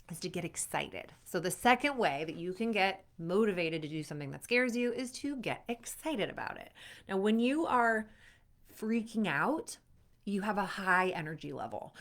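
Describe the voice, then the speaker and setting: A woman performance coach talks athletes through facing their fears. Her delivery is upbeat and conversational, and she speaks straight to the viewer. She brings their inner voices to life by acting them out with lively emotion. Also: on the low side. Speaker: sport psychology performance coach. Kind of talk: motivational coaching talk to camera.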